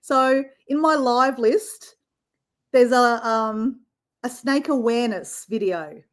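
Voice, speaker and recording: An Australian woman hosting a casual live chat, talking in a chatty, animated way full of fillers while she paints. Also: a little high, slow pace. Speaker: live stream host.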